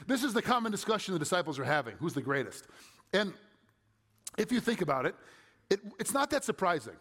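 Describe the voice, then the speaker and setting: A man's voice: a little high, sing-song, brisk, a bit bright. A man pastor reading scripture and then preaching a sermon in a conversational way, asking his listeners rhetorical questions. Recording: long hall reverb.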